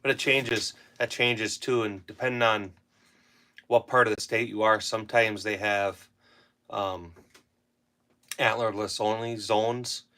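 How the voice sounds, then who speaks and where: A man's voice: fairly low pitch, steady tone, unhurried, long pauses, sharp tone, rough recording. A young man with a Wisconsin accent chatting casually on a livestream, rambling and answering viewers' comments while he works. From Wisconsin, USA. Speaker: livestream host. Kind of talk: casual livestream chat while reloading ammo.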